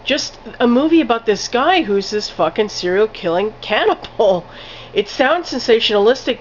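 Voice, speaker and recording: A woman's voice: mid-range voice, highs cut off, a little hiss or hum. A woman giving a casual spoken film review, rambling with lots of "like" fillers and casual swearing.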